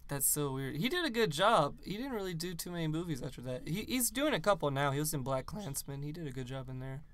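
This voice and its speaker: Young man with a smooth, strained voice. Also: on the high side, very animated, fast talker, a bit bright. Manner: joking, profane, laughs often. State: voice strained from screaming at a concert. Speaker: podcast co-host. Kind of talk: casual chat.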